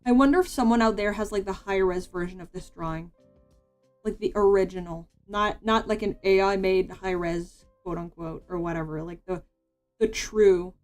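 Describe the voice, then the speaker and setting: A woman's voice: medium pitch, steady tone, moderate pace, a little mellow, soft background music. A woman streamer chatting casually while she draws, rambling with lots of "like" and false starts. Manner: rambling, full of "like" and restarts. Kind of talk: casual chat while drawing.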